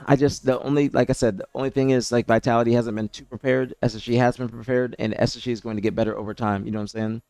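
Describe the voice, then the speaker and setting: A man's voice: mid-range voice, steady tone, quick pace, hardly any pauses, darkish tone, no echo. A man streaming live, chatting casually and reading viewer messages, rambling and repeating himself as he answers chat. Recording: dry close mic with faint music behind.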